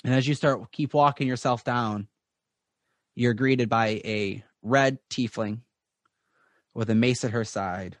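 A man narrating as game master of a tabletop game, rambling with many pauses. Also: mid-range voice, dry recording.

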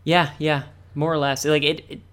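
A man's voice: on the high side, flat delivery, normal speed, fairly bright tone. Male co-host, casual chat, rambling delivery full of fillers. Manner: rambling, many "like" fillers and restarts. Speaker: podcast co-host. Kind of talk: casual chat analyzing a cartoon.

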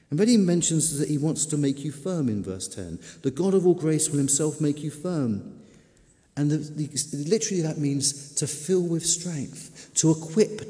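A man preaching a sermon, emphatic, slowing down and repeating key words for stress. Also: on the high side, warm tone. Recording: long reverb of a large hall.

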